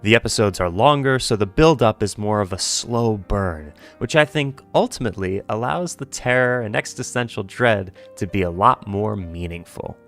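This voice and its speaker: A man's voice: fairly low pitch, animated, normal speed, few pauses, a bit bright, faint music behind. A man talking through a video analysis of a show in a wry, joking and speculative way. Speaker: commentary host.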